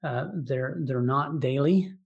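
Gravelly-voiced man explaining patiently. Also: medium pitch, slow, lo-fi sound. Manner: explanatory, many restarts and "you know" fillers. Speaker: physician assistant guest. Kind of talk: conversational medical interview.

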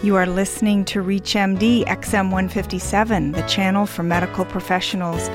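A woman's voice: mid-range voice, level tone, brisk, over music. A woman hosting a radio interview show, reading polished, scripted introductions and asking questions. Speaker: host.

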